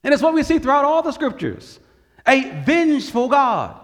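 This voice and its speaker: A man's voice: very high-pitched, sing-song, moderate pace, long reverb tail. A man preaching a sermon in earnest, lifting his voice on the quoted cries to God. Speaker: pastor.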